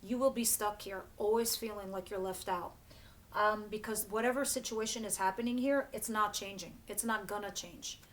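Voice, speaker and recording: She speaks at a normal speed in a steady, mid-range voice while doing an easygoing tarot reading for her channel. Her delivery is chatty and blunt, with filler words and frequent restarts to correct herself.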